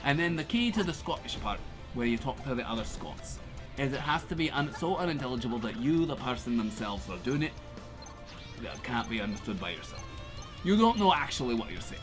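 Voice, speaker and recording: A man's voice: medium pitch, sing-song, a little fast, music in the background. A man co-hosting a casual gameplay chat, telling a long, meandering story. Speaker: co-host.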